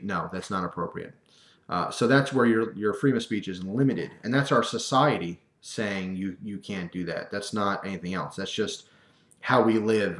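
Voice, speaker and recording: A man talking casually to camera in a rant, animated and wry, acting out quoted voices. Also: low-pitched. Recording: echoey room.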